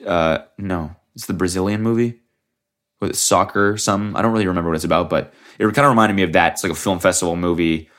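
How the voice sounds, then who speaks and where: A young man hosting a solo podcast rambles casually while sick, swearing a lot, trailing off and restarting. He talks fast in a deep, fairly bright voice.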